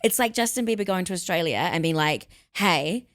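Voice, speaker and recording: A woman co-hosting a podcast in casual chat. Her voice is fairly low but swings widely in pitch. She is blunt and sweary and acts out small scenes mid-story. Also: animated, quick pace. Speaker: podcast co-host.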